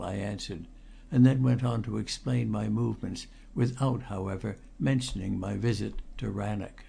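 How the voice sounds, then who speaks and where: A man narrating a first-person mystery audiobook in a measured, grave storytelling manner with a gravelly voice. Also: fairly low pitch, mellow.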